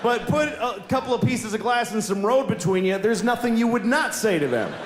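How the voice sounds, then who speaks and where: A male stand-up comedian rants in a self-mocking way, his voice high and leaping up and down in pitch. He bursts into shouts now and then. The live take sounds roomy and echoey over a clear layer of background noise. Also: animated, fairly quick.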